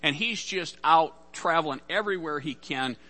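A man's voice: a little high, moderate pace, pushed and bright. A man preaching a sermon as pastor, casual and conversational, acting out the voices in Bible stories.

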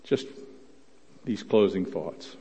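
A man preaching a sermon as pastor, telling a Bible story and voicing its quotes with rising force, often repeating words and clearing his throat. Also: sits low, lively intonation, takes it slowly, mellow. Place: church sanctuary. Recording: dull sound, long church reverb.

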